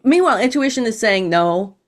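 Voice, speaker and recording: A woman guest on an interview podcast, explaining ideas in a calm, teaching manner. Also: on the high side, fairly quick. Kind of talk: interview conversation.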